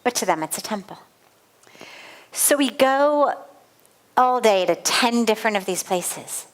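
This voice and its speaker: A middle-aged woman speaks as a spiritual teacher at a satsang, her voice pitched a little high for a woman. She tells a story earnestly and vividly, leaning on repeated phrases for emphasis. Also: expressive, a little slow. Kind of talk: satsang talk with a personal story.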